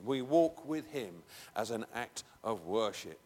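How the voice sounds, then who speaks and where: A man's voice: medium pitch, lively intonation, normal speed, hardly any pauses. Man preaching in a reverberant church. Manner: conversational, rises to emphatic bursts. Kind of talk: sermon. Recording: long hall reverb.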